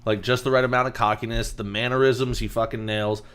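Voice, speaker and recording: A man in his late twenties co-hosting a podcast, talking in a blunt, emphatic way and swearing freely. His voice sits at an ordinary pitch, and his tone is casual and opinionated. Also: little pitch movement, fairly quick, a bit bright, smooth. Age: late 20s. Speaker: podcast co-host. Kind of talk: casual chat.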